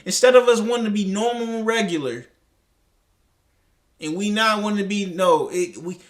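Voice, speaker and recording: A man's voice: high-pitched, moderate pace. A man reacting to a clip, talking in a heated, profane, rambling way with many restarts. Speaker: commentary host. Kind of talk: reaction commentary.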